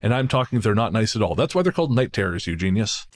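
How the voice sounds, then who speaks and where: This co-host of a spooky-stories show talks fast in a fairly low voice with big pitch swings. He banters casually, reads out a listener's story, and keeps things sardonic with frequent cursing and laughter.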